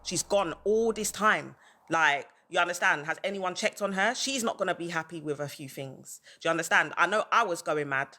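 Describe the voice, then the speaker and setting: A woman's voice: lowish voice, moderate pace, pushed and bright. A woman ranting on a livestream, heated and repetitive, hammering her points over and over. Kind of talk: livestream rant.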